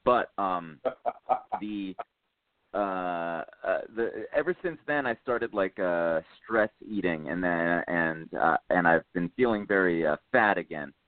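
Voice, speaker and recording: A man's voice: sits low, takes it slowly, no room sound. A man in casual podcast chat, telling a story in a rambling way with many fillers. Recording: tinny phone-like dry sound.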